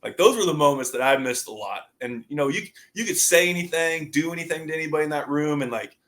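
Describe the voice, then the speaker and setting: Man in his thirties, slightly high voice, swears freely, animated, laughs through stories, casual interview guest. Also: quick pace. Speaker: guest, former college football player.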